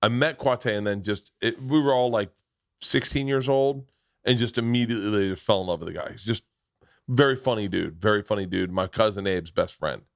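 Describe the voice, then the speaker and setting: A man telling a story in a casual chat, acting out quoted voices loudly as he goes. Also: fairly low pitch, moderate pace, creaky, dry recording, studio quality. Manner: animated storyteller, acts out loud quoted voices. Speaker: comedian podcast co-host.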